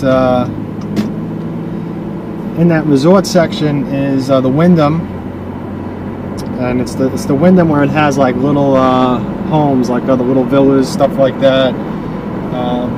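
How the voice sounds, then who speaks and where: Male tour-guide driver, mid-pitch, dry-throated, rambling, recorded in a car with heavy road noise. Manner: rambling, many fillers and restarts. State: dry, losing his voice. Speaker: real estate agent giving a driving tour. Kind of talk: casual driving-tour narration. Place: inside a moving car. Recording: loud car and air-conditioning noise.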